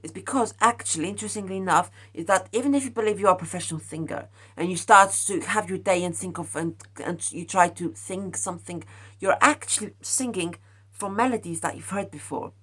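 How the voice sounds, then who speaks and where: Young woman rambling on about her own theory, lots of ums and restarts, kinda breathy husky voice. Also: mid-range voice, fairly quick, fairly bright tone. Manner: rambling, many fillers and restarts, keeps saying guys. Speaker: vlogger sharing a personal philosophy. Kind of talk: rambling casual monologue to camera.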